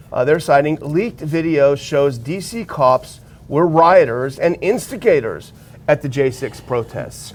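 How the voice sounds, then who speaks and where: A man with a fairly high voice co-hosts a political talk show. He reads news articles aloud and cuts in with blunt remarks of his own. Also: darkish tone. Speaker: show co-host.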